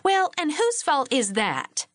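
A woman voicing an irritable ranch wife who speaks sharp, clipped and sarcastic. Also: high-pitched, wildly swooping pitch, takes it slowly, dry recording, studio quality, voice pushed up, full character voice.

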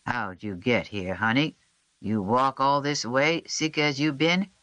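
A narrator voicing a gentle, caring woman healer who talks softly and slowly. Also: medium pitch, steady tone, dry recording, lightly acted. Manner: soft and soothing.

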